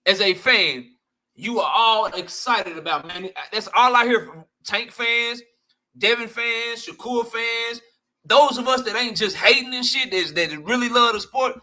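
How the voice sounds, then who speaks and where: A man with a high, bright voice hosting a boxing channel, answering his live chat with casual commentary. He talks in an animated, blunt way, with heavy slang and plenty of swearing. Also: measured pace. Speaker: boxing YouTube host.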